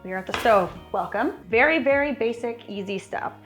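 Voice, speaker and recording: A woman's voice: on the high side, expressive, fairly quick, a bit bright, soft background music. A woman hosting a cooking show in her home kitchen, chatty and wry as she talks through each step. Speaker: cooking channel host. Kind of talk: casual cooking demonstration.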